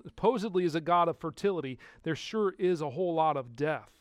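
Emphatic preaching man, higher voice. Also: no room sound, clean studio sound. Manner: emphatic preaching, swings from hushed to loud; rhetorical questions to the congregation. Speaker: pastor. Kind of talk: sermon.

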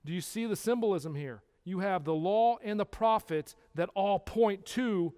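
High-voiced man teaching in a reverberant hall. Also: normal speed, few pauses, darkish tone, smooth. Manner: emphatic, with rhetorical questions to listeners. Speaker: Bible teacher. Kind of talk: Bible study teaching.

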